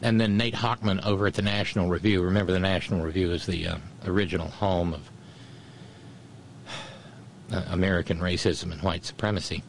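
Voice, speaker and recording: A man's voice: low-pitched, steady tone, a little fast, slight background noise. A man giving a sardonic commentary monologue, mocking and scornful, with wry asides between the quotes he reads out. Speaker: political commentator.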